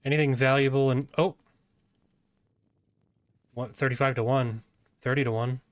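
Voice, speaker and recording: A man's voice: medium pitch, steady tone, moderate pace, no room sound. A man streaming a fantasy video game, chatting casually and laughing easily as he plays. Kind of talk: casual gameplay commentary.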